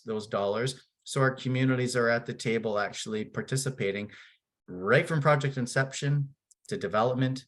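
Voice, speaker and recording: A man's voice: mid-range voice, normal speed, a bit bright. A man from Canada speaking on a panel discussion in a casual, candid way, with many fillers and restarts.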